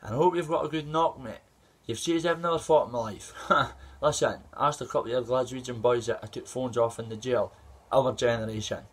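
A man's voice: medium pitch, fairly even intonation, fairly quick, slightly rough. Scottish guy in his 30s trash talking a rival fighter, rambling and aggressive. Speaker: amateur fighter. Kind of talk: trash-talking callout video.

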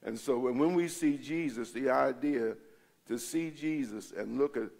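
A man's voice: medium pitch, measured pace, vocal fry, darkish tone. A male pastor teaching a Bible study in a church, talking in a conversational way and often checking in with his listeners.

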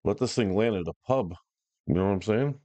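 A man casually commenting while trying out software, laid-back and joking with slangy talk. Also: lowish voice, fairly quick, no room sound, dull audio.

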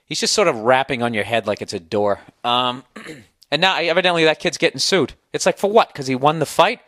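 Man in his 40s, from the US, podcast host, slightly hoarse, swearing rant, dry close mic. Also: mid-range voice, a little fast, a bit bright, no room sound. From United States. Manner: profane, rambling storyteller, incredulous. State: sore throat, slightly hoarse.

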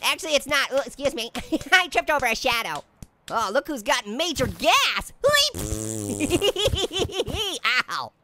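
A man's voice: extremely high pitch, very animated, slow, very noisy, full character voice. A man voicing a cheeky, hyper male talking orange who giggles and wisecracks through comedic game commentary. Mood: goofy. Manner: giggly, wisecracking, constant laughing. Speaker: gameplay commentator.

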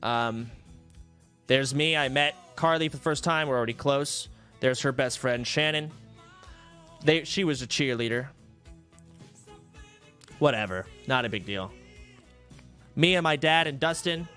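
A man's voice: mid-range voice, unhurried, long pauses, bright, forceful tone, faint music behind. A young man streaming from home, telling old stories in a casual, profane, sarcastic way into a desk mic. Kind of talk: casual storytelling to a live stream audience.

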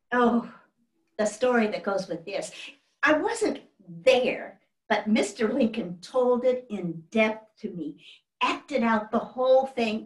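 In a fairly high voice, an actress playing a genteel 1800s widow and historical first lady spins family tales fondly and chattily, with exclamations and freely rising and falling pitch. It's a live one-woman historical reenactment on a stage before an audience. A distant mic records her in a roomy hall.

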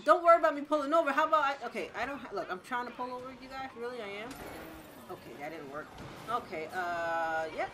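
Excitable, foul-mouthed woman gamer shouting. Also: sits high, noisy background. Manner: loud, excitable, swears a lot, laughs and shouts. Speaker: gaming streamer. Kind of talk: reactive gameplay commentary.

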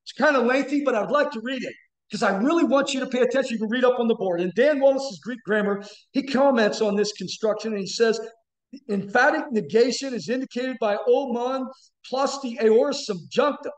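A man preaches with a very high voice, punching key phrases in loud, emphatic bursts. His sermon rings through an echoey church room. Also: brisk. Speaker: guest preacher. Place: church sanctuary.

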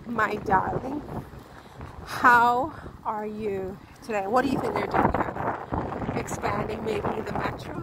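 Rambling woman vlogging outdoors, slow. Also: mid-range voice, heavy background noise. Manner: rambling, animated, restarts and asides. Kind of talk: casual vlog talk to camera. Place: outdoors on town streets.

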